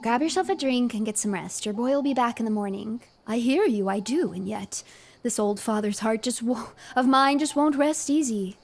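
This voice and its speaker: A woman's voice: on the high side, normal speed, a little hiss or hum, natural voice. A woman voicing a grieving old father, a former sea-hardened sailor, in a weary, pleading way.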